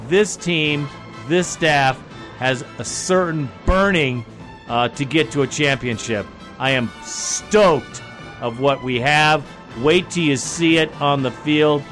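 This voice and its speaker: A man's voice: a little high, a bit bright. A man hosting a sports podcast, talking in a fired-up, enthusiastic way. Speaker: podcast host. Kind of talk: casual podcast sign-off.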